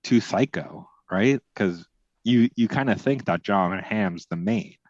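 A man's voice: lowish voice, unhurried, dry recording. A man co-hosting a casual movie podcast, teasing and easygoing. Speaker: podcast co-host. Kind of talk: casual movie review chat. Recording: dry, muffled audio.

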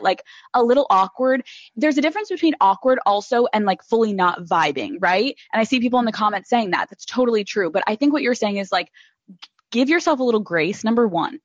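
A woman's voice: medium pitch, expressive, brisk, no echo, lo-fi sound. A woman hosting a podcast in casual chat, gushing and swearing freely, with lots of "like" fillers. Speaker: podcast host.

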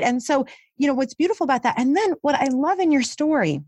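A woman hosting a podcast interview as a coach, speaking in a reflective, affirming way with drawn-out phrasing. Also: high-pitched, expressive, darkish tone, dry recording, clean studio sound. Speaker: host and life coach.

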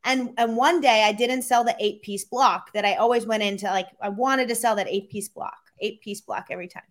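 A woman sales coach, a guest in an interview, telling stories and giving advice in a lively, conversational way. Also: a little high, fairly quick. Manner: animated storyteller, acts out quoted voices.

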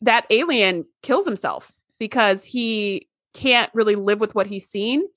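A woman's voice: mid-range voice, expressive, measured pace, a bit bright, dry recording, clean studio sound. A woman co-hosting a casual chat about a TV episode, laughing often and mimicking characters in mocking asides. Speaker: podcast co-host.

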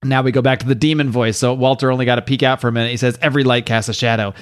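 A man hosting a podcast, recapping a comic book in a casual, animated way and slowing down for dramatic quotes. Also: mid-range voice. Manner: animated, reads out quotes with slow dramatic emphasis. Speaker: podcast host.

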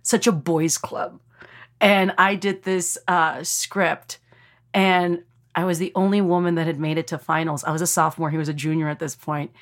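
A woman from Texas, a comedian telling a story in casual podcast chat, animated and full of fillers, acting out quotes. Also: on the low side, normal speed. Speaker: comedian guest.

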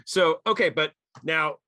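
A middle-aged man hosting a podcast, ranting heatedly with lots of swearing, then chatting casually. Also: on the high side. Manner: heated, profane and animated. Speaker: podcast host. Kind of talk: ranting monologue and casual chat.

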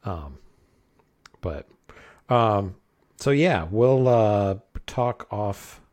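A man's voice: on the low side, expressive, drawn-out words, darkish tone. A man co-hosting a movie podcast, mostly giving brief agreeing replies. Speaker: podcast co-host. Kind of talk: casual movie chat.

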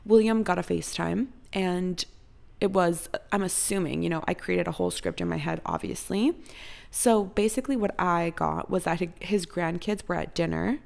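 A woman's voice: fairly low pitch, normal speed, vocal fry, a little mellow. A young adult woman telling a chatty, dramatic story in a casual vlog and saying "like" a lot. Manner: chatty and dramatic, heavy use of "like".

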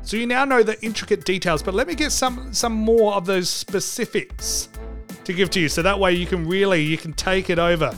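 A man's voice: sits high, fairly quick, a bit bright, faint music behind. A man hosting a comedic podcast, joking and swearing for laughs. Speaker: podcast host.

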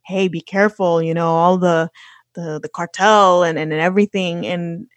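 A woman's voice: lowish voice, steady tone, moderate pace, dry recording. A woman talking as a podcast guest in a loose, chatty way, full of fillers. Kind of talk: casual interview chat.

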